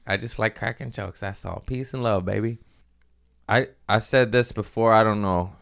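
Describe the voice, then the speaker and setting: A young man talking in a casual comedic monologue, joking and swinging into loud character voices. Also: lowish voice, steady tone, normal speed, creaky, clean tone. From Mexican-American family. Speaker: comedian podcast host.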